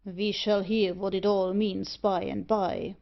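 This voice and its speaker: A woman's voice: mid-range voice, level tone, slow, gravelly, highs cut off. A woman reading aloud, voicing a mocking street porter who jeers at passers-by. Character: jeering London street porter man.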